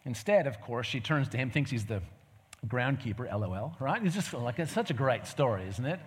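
A man's voice: medium pitch, lively intonation, brisk, big-room sound. A man preaching a sermon in a conversational, storytelling way, full of rhetorical questions.

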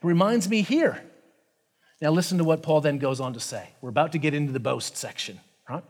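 A man preaching a sermon in a conversational, animated way, with frequent asides and fillers. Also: fairly high pitch, a little fast. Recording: reverberant hall.

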